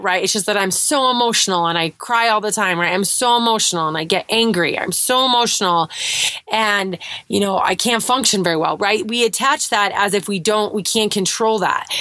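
A woman's voice: mid-range voice, a bit bright, dry recording. A middle-aged woman hosting her own podcast as a life coach, talking earnestly and reflectively, often restarting and adding "right?" asides. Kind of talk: casual solo podcast monologue.

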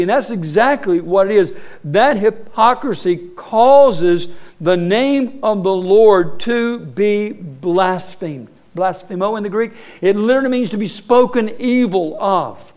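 Male pastor, high-pitched, earnest sermon delivery with rhetorical questions. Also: expressive, darkish tone. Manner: earnest preaching with rhetorical questions and emphatic pauses. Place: church sanctuary.

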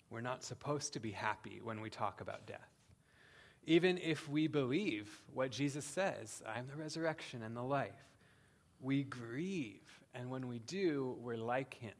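A man preaching a sermon, speaking earnestly with slow, emphatic pauses and frequent "um"s. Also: mid-range voice, lively intonation, vocal fry. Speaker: pastor.

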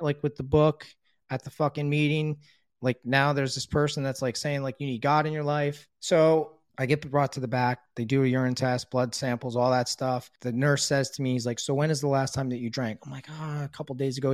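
A medium-pitched man, recorded with no room sound, candidly narrates his own path through recovery in middle age. He curses freely and acts out quoted conversations, softening into a subdued tone at emotional points.

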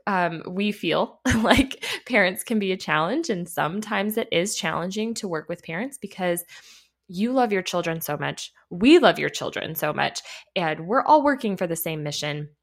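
A young adult woman, a behavior analyst hosting a podcast, tells a candid story in a chatty, self-deprecating way and laughs as she talks. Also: on the low side.

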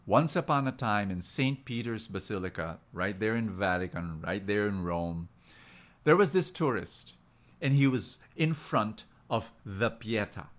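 A man hosting a Christian radio program, telling an inspirational story in an earnest, animated way, with lots of emphatic repetition. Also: fairly low pitch. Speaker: radio preacher, host.

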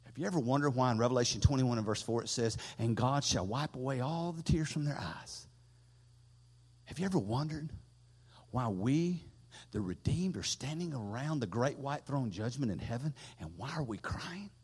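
A middle-aged man preaching a sermon as pastor, swelling loud and high, then dropping low. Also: animated, moderate pace, slightly rough. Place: church sanctuary. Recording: long echo from a big hall.

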